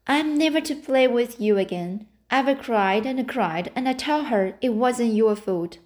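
A woman's voice: fairly high pitch, a little slow, darkish tone, natural voice. A woman reading the lines of a loyal young girl, speaking earnestly and mournfully. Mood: sorrowful. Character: girl, loyal, sorrowful best friend.

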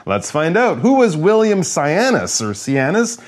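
A man's voice: a little high, huge pitch swings, a little slow. A man co-hosting an English lesson show, explaining vocabulary in a playful, teacherly way.

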